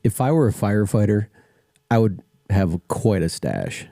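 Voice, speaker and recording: Podcast guy with a mellow lowish voice, jokey, kinda halting questions, dry sound. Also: very animated, creaky, no room sound. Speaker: podcast co-host. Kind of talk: casual chat.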